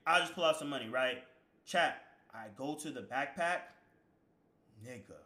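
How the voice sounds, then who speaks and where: A man live streaming, telling a story to his chat in a profane, slang-heavy, rambling way that flares into shouting. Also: mid-range voice, moderate pace, reverberant.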